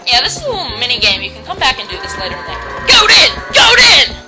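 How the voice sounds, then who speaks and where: A woman hosting a casual video game playthrough, chatty and self-mocking, now and then bursting into loud shouts. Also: on the high side, very animated, very fast, low-quality recording. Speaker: let's play host. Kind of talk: casual gameplay commentary. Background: video game music.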